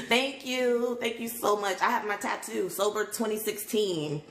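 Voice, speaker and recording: Chatting on a phone live stream, this woman laughs a lot and greets her viewers. Her voice is mid-range and fairly bright, a touch slow, and the room gives it a noticeable echo.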